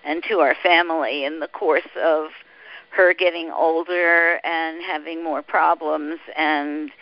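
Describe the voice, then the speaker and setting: A woman author being interviewed on a radio show, answering in an earnest, measured way. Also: low-pitched, no room sound. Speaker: author and guest. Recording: dull lo-fi radio sound.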